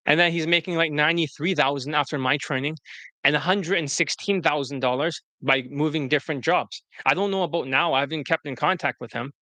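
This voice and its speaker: Male dating coach on a livestream: bright, forceful, cussing, scornful, dry close sound. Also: on the high side, brisk, no room sound. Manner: blunt, profane, scornful. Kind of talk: casual livestream commentary.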